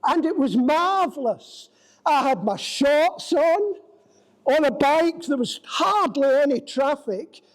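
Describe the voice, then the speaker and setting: A male preacher with an unusually high voice delivers his sermon in a church. He speaks at an unhurried pace and stretches his phrases for dramatic effect as he tells a story. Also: animated, low-quality recording.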